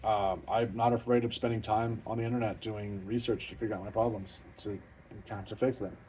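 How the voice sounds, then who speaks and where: A man's voice: lowish voice, fairly even intonation, fairly quick, a little mellow, a little hiss or hum. Blunt cussing guy in his garage. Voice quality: profane, blunt and plain-spoken. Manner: self-deprecating, matter-of-fact. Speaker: car channel host. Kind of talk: off-the-cuff garage vlog. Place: home garage.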